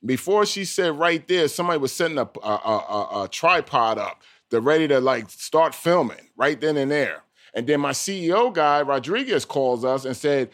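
A man, an armored car guard, telling his story in an animated way and acting out what people said. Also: fairly high pitch, moderate pace. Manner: animated, acts out quotes. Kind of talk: storytelling interview.

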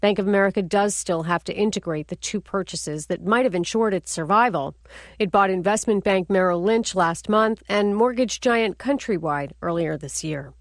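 A woman radio reporter filing a measured, clear business news report. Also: medium pitch, dry recording, studio quality.

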